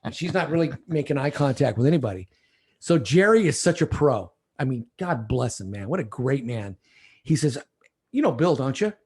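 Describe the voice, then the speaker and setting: A middle-aged podcast guest with a husky, mid-range voice tells a rambling story over drinks at a moderate pace. He animatedly acts out the other people in it, voicing their quotes.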